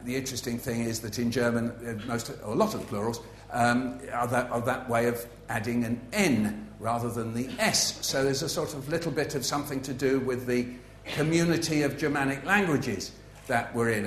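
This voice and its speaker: A man speaking as an author at a festival, telling anecdotes with a playful, facetious manner and frequent asides. His voice sits in a middle pitch range and carries through a roomy hall. A faint ambient hum hangs under the talk. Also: a bit bright. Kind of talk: humorous festival talk to a live audience. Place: festival venue with an audience.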